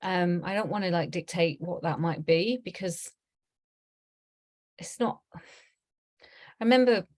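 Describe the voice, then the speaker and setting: A woman's voice: lowish voice, slow, long pauses. A middle-aged woman teaching a small online group in a casual, rambling way, with lots of ums and little laughs. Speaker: tarot teacher.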